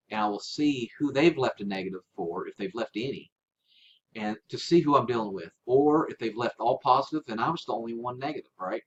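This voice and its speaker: A man talks through a casual how-to tutorial with an informal, coaching manner, often checking in with his listeners. His voice sits at an ordinary middle pitch. The recording sounds a little dull and lo-fi, with a faint hiss underneath. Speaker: online seller giving a tutorial.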